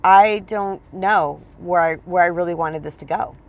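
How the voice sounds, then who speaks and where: In a relaxed teaching monologue, a spiritual coach with a lowish voice speaks at a moderate pace. She's emphatic and talkative and frequently checks in with those listening.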